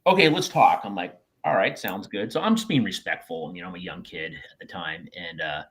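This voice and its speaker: A man with a lower voice tells a story from his past on a podcast. He swears freely and acts out both sides of old conversations, in a loose, chatty way. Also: fairly quick. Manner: animated, profane anecdote-telling with acted-out quotes. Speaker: podcast co-host, former wrestler. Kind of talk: casual storytelling chat.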